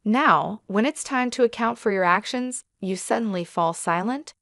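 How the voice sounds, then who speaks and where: A woman's voice: mid-range voice, normal speed, fairly bright tone, dry recording, studio quality, lightly acted. A woman voicing a fierce mother confronting her husband in a read-aloud story, firm and indignant.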